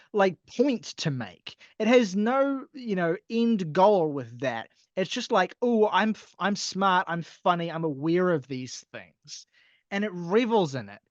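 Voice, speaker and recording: A man's voice: sits high, no echo. Exasperated male podcast co-host, sweary ranter, muffled dry home recording. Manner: exasperated, sweary, laughs often, mocking quotes in a silly voice. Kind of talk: casual ranting album review.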